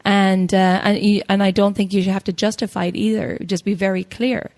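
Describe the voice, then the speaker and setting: A woman hosting a podcast, encouraging her guest and talking through advice in a relaxed conversational way. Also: medium pitch, fairly quick. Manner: supportive, encouraging, lots of small agreeing sounds. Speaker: podcast host.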